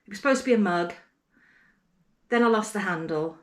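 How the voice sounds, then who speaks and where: A woman's voice: medium pitch, brisk. A middle-aged woman potter chatting casually to camera in her pottery studio, talking herself through her work. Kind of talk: casual vlog narration.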